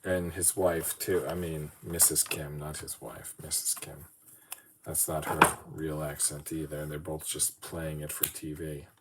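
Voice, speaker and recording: A man with a very deep voice chats on his own podcast while putting together a brick model. He rambles, mutters to himself, and pokes fun at his own hosting. A clear layer of background noise sits under the recording. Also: flat delivery, unhurried. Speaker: podcast host. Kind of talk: casual solo talk while building a model.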